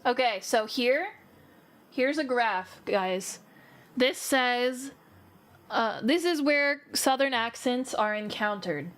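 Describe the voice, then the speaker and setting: A woman's voice: fairly high pitch, lively intonation, slow pace, fairly bright tone. A young woman streamer from the American South, chatting casually with her viewers and thinking aloud. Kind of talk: casual chat with live viewers. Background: faint background music.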